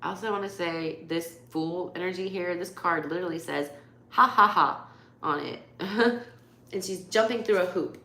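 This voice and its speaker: A Southern-accented woman gives a live tarot reading, talking casually, bluntly, and swearing without restraint. Her voice sits on the low side and her pace is moderate. Echo and faint background noise color the recording.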